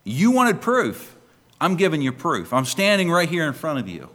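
A man's voice: a little high, big pitch swings, fairly quick, sharp tone, voice pushed up. A man playing a firm, reassuring teacher. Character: patient risen teacher, gentle but firm.

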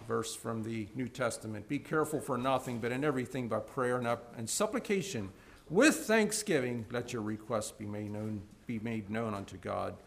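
A man preaches to a congregation at normal speed, his voice creaky, with a little hiss or hum audible. He ranges from loud emphasis to quiet softness and repeatedly restarts with repeated words.

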